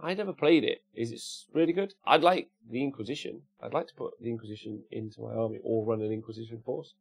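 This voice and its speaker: A man's voice: mid-range voice, steady tone, fast talker, creaky, breathy edge. A man with an English Midlands accent, hosting a casual livestream, reading out viewers' chat messages and answering them with jokes. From Cannock, England.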